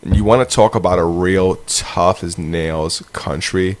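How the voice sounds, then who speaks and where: A man's voice: sits low, measured pace. A man co-hosting a podcast in casual chat, chatty, interjecting and swearing casually. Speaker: podcast co-host.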